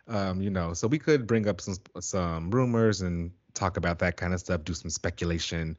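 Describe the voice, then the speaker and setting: A man co-hosting a podcast in casual chat, playful and quick to laugh. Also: deep voice. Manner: playful, laughs easily, animated delivery. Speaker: podcast co-host. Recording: dull lo-fi sound.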